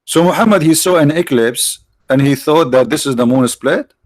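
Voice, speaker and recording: A man hosts a live stream in a mocking, sarcastic manner and keeps firing off rhetorical questions. His voice sits a little high and sounds tired, and he clears his throat now and then. The recording is dry and close, with no room sound. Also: normal speed, no echo. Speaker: online show host.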